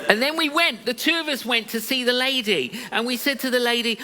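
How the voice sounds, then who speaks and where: A preacher tells a sermon story in a lively, joking, conversational way, at a mid pitch and a little fast. His voice rings through a church hall with a long reverb.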